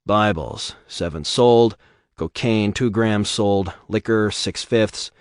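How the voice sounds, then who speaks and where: Dude voicing a gruff sarcastic security chief, lowish voice, dry sound. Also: male voice, slow, dry recording. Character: tough, sardonic male security chief.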